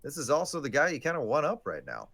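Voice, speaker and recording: This co-host of a podcast talks fast through a baseball game on a casual live stream, full of jokes and sarcasm. His voice is a little high, creaky and fairly bright, with pitch that swoops wildly.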